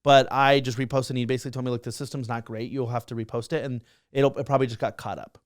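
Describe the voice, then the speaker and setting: Young guy talking super fast, excited, lots of "like", dry close sound. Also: mid-range voice, no room sound. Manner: fast, excitable, full of fillers and restarts. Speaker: guest, social media creator. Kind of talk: casual interview storytelling.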